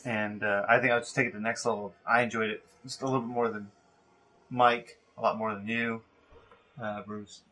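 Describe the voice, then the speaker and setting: A man in a casual movie chat, giving measured opinions with many hesitations. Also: lowish voice, level tone, sharp tone. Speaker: podcast guest.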